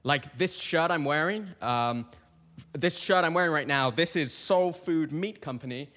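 In a recording with a long, reverberant echo, a podcast host in his twenties tells a casual, rambling story. His voice is fairly high and a little slow, and he delivers it animatedly, restarting often.

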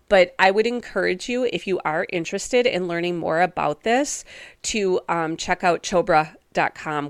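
A woman hosts her own wellness podcast in an upbeat, encouraging, chatty way. Her voice sits a little low for a woman. The recording is dry and close, with no room sound. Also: dry recording. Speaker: podcast host and wellness coach. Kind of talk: solo podcast talk.

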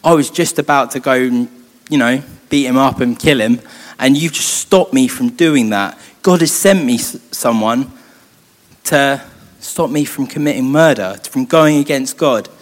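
A man's voice: mid-range voice, a little slow, close to an everyday voice. A man voicing David, a young warrior leader with a hot temper, in his own casual voice. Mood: relieved. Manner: retold in the storyteller's own casual voice. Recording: long hall reverb.

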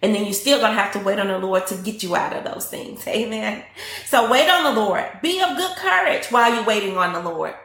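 A woman's voice: a little high, lively intonation, a little fast, fairly bright tone, roomy sound. A woman preacher teaching a sermon, fervent and repetitive, quoting scripture on a live stream. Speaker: prophetess and teacher.

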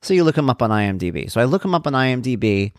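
A man's voice: mid-range voice, very animated, racing, no room sound. Casual wry male talker, tangent-prone dad, dry close sound. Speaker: vlogger and father. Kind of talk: casual rambling chat.

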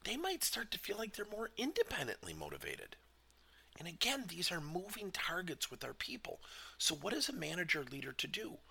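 A lively man coaching leaders in a motivational business talk. His low voice has a gravelly edge and a sharp, forceful brightness, and he swings widely in pitch as he presses his points with questions. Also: normal speed. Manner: animated, emphatic, asks many questions.

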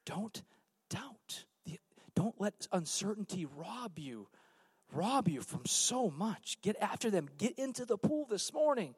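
Pastor guy preaching from the stage, high voice, dry close sound, goes quiet then loud. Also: sing-song, normal speed, slightly rough, no echo. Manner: emphatic preaching, swinging from hushed to loud; calls out to the congregation. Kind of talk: sermon. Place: church sanctuary on a stage.

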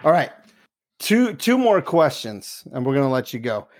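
A man's voice: mid-range voice, sing-song, normal speed. A man hosting a casual interview, laid-back, laughing often and swearing. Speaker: podcast host.

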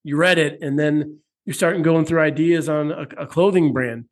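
American male coach-host, casual and profane, fairly high voice. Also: moderate pace. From United States. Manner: loose, profane, animated storytelling. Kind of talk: casual interview chat.

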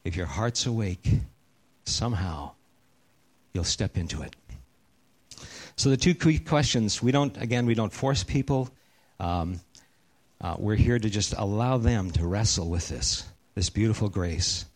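A middle-aged man preaching a sermon, telling a personal story earnestly and sinking to a hushed, slow voice for the serious parts. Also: lowish voice, expressive. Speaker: pastor.

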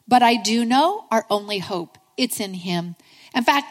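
A woman's voice: mid-range voice, animated, moderate pace, big-room sound. A middle-aged woman giving a sermon, telling a personal story in an earnest, conversational way and calling her listeners friends.

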